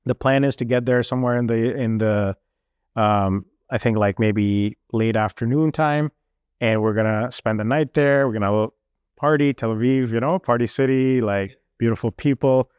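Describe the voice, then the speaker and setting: A young man telling a travel story in casual chat, animated and full of fillers. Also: medium pitch, normal speed, clear, resonant tone, dry recording. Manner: animated, lots of fillers, mimics officials.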